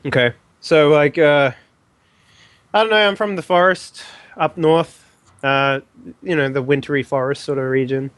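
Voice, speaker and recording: Relaxed hesitant player man, dry sound. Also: fairly high pitch, a little slow, clear, resonant tone, no room sound. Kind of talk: casual tabletop game chat.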